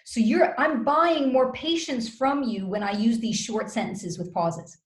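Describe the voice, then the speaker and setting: A woman giving communication advice as an interview guest, explaining step by step in a measured way with deliberate pauses, over a video call. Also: a little high. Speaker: communication skills guest expert. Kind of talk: coaching advice in conversation. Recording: roomy echo.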